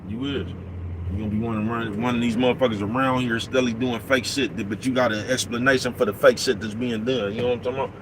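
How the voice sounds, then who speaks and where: A truck driver vlogger from East Oakland, California, talks fast at a middle pitch while rolling down the road in his big rig, answering viewer comments in a loose, profane, streetwise monologue. He keeps asking "you know what I'm talking about," with the steady rumble of road, engine, and traffic clearly audible from the cab.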